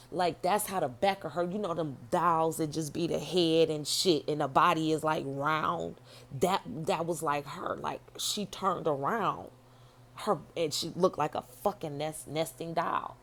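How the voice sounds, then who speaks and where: A middle-aged woman telling a dream story in a blunt, profane, animated way. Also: low-pitched. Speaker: vlogger telling her dream. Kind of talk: casual storytelling.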